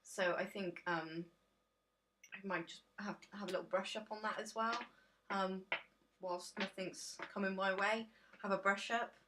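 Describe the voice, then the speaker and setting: A woman's voice: medium pitch, fairly even intonation, a little slow, noisy background. A tired woman, chatting casually and rambling through a tarot deck reveal on her vlog, full of ums and self-deprecating asides. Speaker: tarot vlogger.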